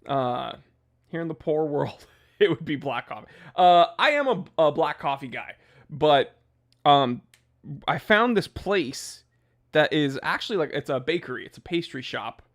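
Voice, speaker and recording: A man's voice: a little high, lively intonation, a little slow. Joking, ranting man hosting a livestream. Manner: joking, ranting, reads chat names aloud. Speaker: watch channel host. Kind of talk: casual livestream chat. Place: home office.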